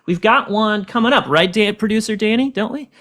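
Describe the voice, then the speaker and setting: A man's voice: sits high, fairly quick, fairly bright tone. A man hosting a comedy podcast, joking and rambling in a self-mocking way. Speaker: podcast host. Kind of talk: casual comedic podcast chat.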